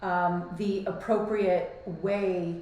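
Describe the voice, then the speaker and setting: A woman's voice: on the low side, fairly even intonation, extremely slow, a little mellow, highs cut off. A woman co-hosting a podcast, chatting casually and filling her talk with "like" and "you know". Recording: very echoey room.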